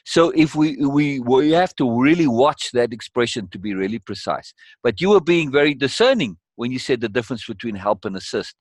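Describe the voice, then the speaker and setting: A man's voice: mid-range voice, animated, a little fast, hardly any pauses, no echo. A man leading a course session in conversational teaching style, emphatic and repeating key words for weight.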